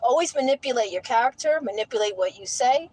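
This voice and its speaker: A woman vlogging in a casual storytelling rant, animated and incredulous, often breaking into laughter. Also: on the high side, quick pace, poor audio.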